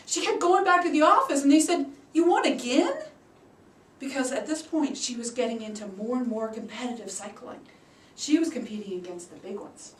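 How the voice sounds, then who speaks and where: A woman giving a prepared storytelling speech at a public speaking club. She acts out the quoted voices with big leaps in pitch and loudness. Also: a little hiss or hum. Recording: roomy sound from a distant mic.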